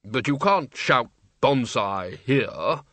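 A man's voice: mid-range voice, expressive, slow, a bit bright, no echo. A man voicing a sceptical, matter-of-fact male wizard lecturer in a storybook reading. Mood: objecting.

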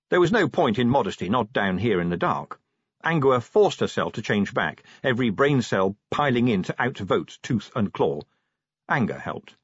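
A man narrating an audiobook with expressive storytelling and dramatic pauses. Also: medium pitch, slightly rough, no echo. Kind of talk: scripted narration. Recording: dull lo-fi dry recording.

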